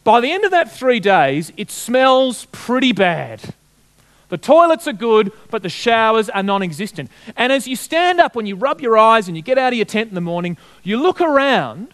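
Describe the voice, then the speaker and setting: A man's voice: very high-pitched, sing-song, normal speed, fairly bright tone, clear, resonant tone. A man preaching a sermon, telling stories and putting direct questions to his congregation. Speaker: pastor.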